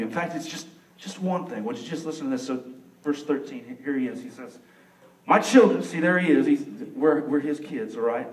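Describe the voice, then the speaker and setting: A young man preaching a sermon with a Texan accent, acting out the figures of his story with sudden loud bursts. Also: fairly high pitch, expressive, moderate pace, distant mic. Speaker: pastor. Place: church sanctuary. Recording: echoey room, mic some way off.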